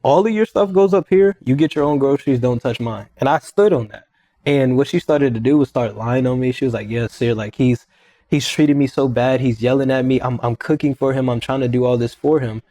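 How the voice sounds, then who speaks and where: A young man, a podcast guest, retelling a personal story in a casual, animated way, often quoting what was said and repeating himself. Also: medium pitch, a little fast, no room sound.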